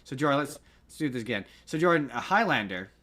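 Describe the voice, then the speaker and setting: A man co-hosting a podcast, chatting casually and animatedly, slipping into quick jokey impressions. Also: mid-range voice, very animated, fairly bright tone. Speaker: podcast co-host. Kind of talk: casual chat.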